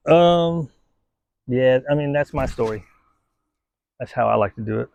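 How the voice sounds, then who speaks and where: A man's voice: mid-range voice, unhurried, vocal fry, long pauses, mellow, dull audio. A man, a dog trainer, giving casual, conversational training advice outdoors and often checking in with "right?". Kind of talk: casual instructional talk.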